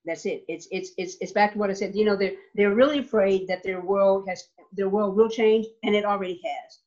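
A woman's voice: mid-range voice, fairly even intonation, brisk, a little mellow. Emphatic woman legislator, slightly muffled. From Nevada. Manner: emphatic, repeats words, asks "okay?". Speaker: state legislator. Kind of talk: interview storytelling. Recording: slightly dull lo-fi sound.

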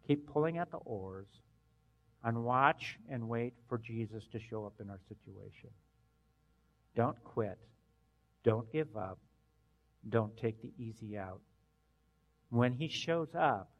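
A pastor delivering a sermon, his voice sitting a little high for a man. He preaches earnestly, rising to loud bursts and falling to hushed endings. The sound carries a long reverb, as in a church hall.

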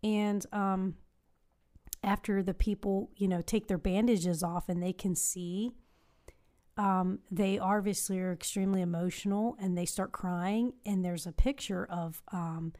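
A woman talks through a long story in a casual conversation. Her voice sits warm and mellow, at a middle pitch, and she fills her pauses with plenty of "um"s and small restarts. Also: fairly even intonation. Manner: rambling storytelling with many fillers. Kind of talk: casual chat.

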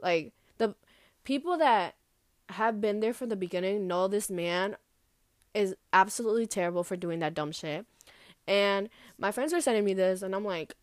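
A young woman vlogger telling a personal story in a loose, casual way, full of fillers and swearing, animated as she retells it. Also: mid-range voice, no room sound, studio quality.

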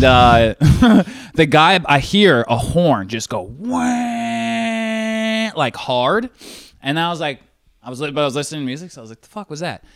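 A young man telling a profane, animated story in casual chat. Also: on the high side, no room sound, studio quality. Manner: profane, animated storytelling, says dude a lot.

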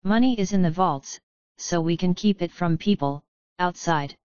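A woman voicing a sleepy male bank clerk who talks slowly and ends every sentence as if it were a question. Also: on the low side, a little mellow, no room sound, lo-fi sound, natural voice.

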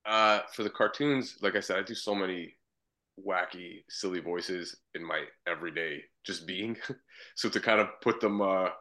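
A man's voice: low-pitched, normal speed, pushed and bright. A man from Canada, a comedian and voice actor, talking easily as a podcast guest with many restarts. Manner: easygoing, rambling, with frequent restarts. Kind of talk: casual interview chat.

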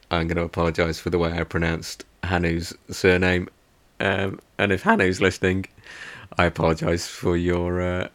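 A man's voice: deep voice, fairly bright tone. A man hosting a podcast, giving a casual, rambling book review full of hesitant restarts. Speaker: podcast host.

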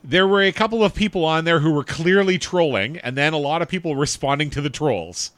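A man's voice: on the high side, animated, fairly quick, a bit bright, dry recording. A man co-hosting a podcast in casual chat, reading facts and chart lists aloud and chuckling along. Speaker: podcast co-host.

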